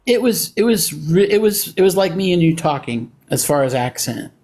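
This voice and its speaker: A man's voice: fairly high pitch, expressive, normal speed, darkish tone. A man defending his Christian faith in a call-in debate, earnest and insistent, often quoting scripture.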